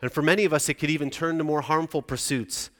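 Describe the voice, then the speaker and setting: A man's voice: on the high side, steady tone, fast talker, fairly bright tone. Preaching man in a reverberant hall. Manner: conversational, asks the congregation questions. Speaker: pastor. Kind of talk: sermon.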